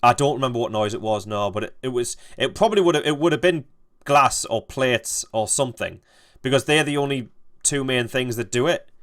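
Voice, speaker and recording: A young man streaming a game, telling a rambling, halting story and swearing freely. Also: mid-range voice, a bit bright. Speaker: gaming streamer. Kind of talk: casual storytelling while playing.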